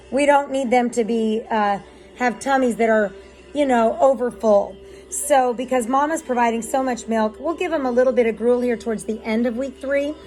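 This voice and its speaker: Woman dog breeder, casual explainer, fairly high voice, soft music bed underneath. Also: low-quality recording. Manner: chatty and explanatory, with filler ums. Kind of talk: casual vlog narration.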